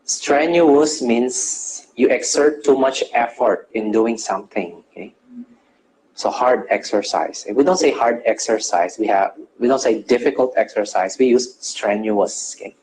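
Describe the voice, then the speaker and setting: A man lectures a nursing class in a medium-pitched, slightly mellow voice at a measured pace, quizzing students, answering his own questions and explaining English terms. He checks in with "okay?" after nearly every phrase, and the poor audio carries slight background noise.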